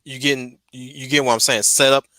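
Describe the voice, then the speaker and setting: A man's voice: mid-range voice, level tone, a little fast, bright, forceful tone, no room sound. A man hosting a casual stream discussion, talking in stumbling restarts and repeated words. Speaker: host.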